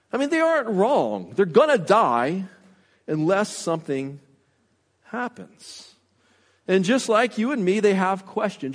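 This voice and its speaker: High-voiced guy preaching in church, earnest, lots of questions, long hall echo. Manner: earnest, with frequent restarts and rhetorical questions. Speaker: pastor. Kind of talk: sermon. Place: church sanctuary. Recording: long reverb of a large hall.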